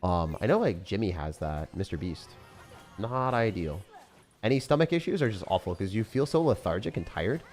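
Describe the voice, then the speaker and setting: Male game streamer, lowish voice, casual slangy chatter with lively swings in tone, soft music underneath. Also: moderate pace. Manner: casual and slangy, bursts into loud excited shouts. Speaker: gaming streamer. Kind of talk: live gameplay commentary, chatting with viewers.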